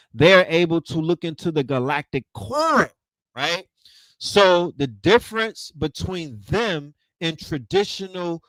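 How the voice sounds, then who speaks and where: A man in giving a casual storytelling lecture over a video call, animated and profane, with street slang and frequent repeats. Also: on the high side, no room sound, rough recording. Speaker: lecture host.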